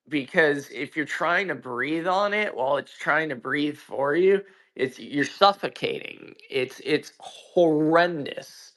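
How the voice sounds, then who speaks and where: A guest on a social audio call, speaking into his own mic, recounts his story in casual chat and takes his time with each phrase. His voice sits fairly high with a bright edge, and his delivery is profane and emphatic, full of restarts.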